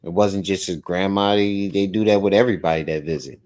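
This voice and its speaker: A man hosting a livestream, reacting to a clip with animated, mocking commentary. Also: sits low, fairly quick. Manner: animated, mocking, repeats phrases. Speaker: livestream host.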